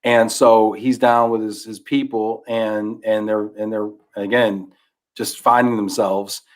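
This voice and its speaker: Animated man retelling a children's book. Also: on the low side, a little slow. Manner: animated storyteller, trails off into mumbles. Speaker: podcast guest. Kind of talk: casual chat.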